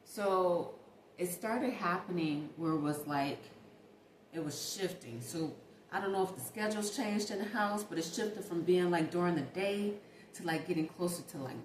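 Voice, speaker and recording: A woman's voice: lowish voice, measured pace, a little hiss or hum. Chatty woman vlogger in an echoey room. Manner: chatty, emphatic, addresses viewers as baby and y'all. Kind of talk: casual storytime monologue. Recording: echoey room with faint ambience.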